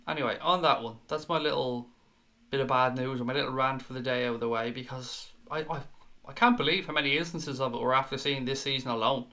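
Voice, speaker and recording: A man's voice: mid-range voice, quick pace, sharp tone. A man with an Irish accent hosting a live fan chat stream, reading out viewer comments in an earnest, chatty way and repeating words when he gets worked up. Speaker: fan show host.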